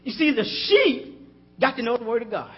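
A man's voice: extremely high pitch, big pitch swings, moderate pace, husky, highs cut off. A man preaching a sermon in a conversational style, calling out to the congregation and chuckling as he talks.

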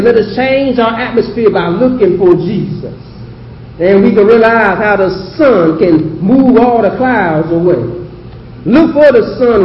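Male pastor, high voice, emphatic sermon delivery, dull roomy church recording. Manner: emphatic preaching, asks the congregation questions. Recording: echoey hall audio with slight hiss.

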